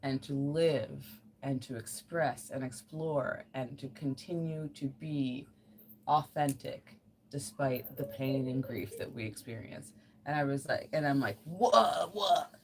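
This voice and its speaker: A woman's voice: rumbling low, fairly even intonation, a little slow, a little mellow, slight background noise. A woman livestreaming while crafting, chatting casually in an earnest, rambling way with lots of fillers.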